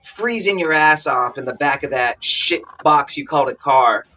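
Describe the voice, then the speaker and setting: A man's voice: mid-range voice, lively intonation, normal speed, pushed and bright, faint music behind. Crude teasing male podcast co-host. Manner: crude teasing banter, mocking put-on voices. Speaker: co-host, author. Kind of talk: casual podcast chat.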